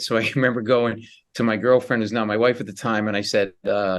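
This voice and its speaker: A middle-aged man, a comedian guest on a radio interview, telling animated stories and acting out the voices of the people in them. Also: on the low side. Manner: animated, acts out quoted voices, quick asides.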